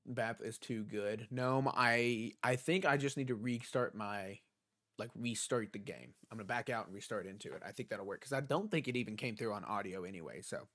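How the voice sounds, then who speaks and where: A man's voice: fairly low pitch, normal speed, a bit bright. A young man live streaming a video game from his home desk, chatting casually and answering viewers' questions. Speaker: gaming streamer. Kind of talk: live stream chat while gaming. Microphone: desk mic.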